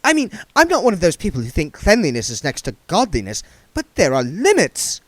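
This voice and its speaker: A man puts on a prim young woman's voice for a storybook, pitched well above his own and sharply clipped. She sounds practical and brisk, and the recording is dry and close. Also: wildly swooping pitch, fairly bright tone, dry recording, full character voice. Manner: high clipped voice.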